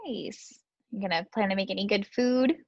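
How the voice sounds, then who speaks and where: A woman acting as a speech clinician, coaching a client through exercises in a gentle, encouraging way. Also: medium pitch, normal speed, no echo, lo-fi sound. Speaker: student speech-language clinician. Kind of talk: clinical exam instructions.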